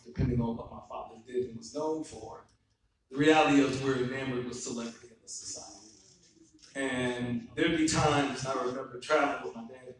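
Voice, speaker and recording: An earnest man addresses an audience as a guest speaker, reverent and thankful in tone. His voice is mid-pitched. It rings through a large echoing hall and is heard from some distance off the mic. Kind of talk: public address. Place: courthouse event hall. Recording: echoey hall, far from the mic.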